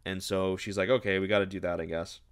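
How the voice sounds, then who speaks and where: A man's voice: low-pitched, level tone, quick pace, clean tone. A young man giving a casual, sarcastic, exasperated book review, ranting and mocking as he retells the plot.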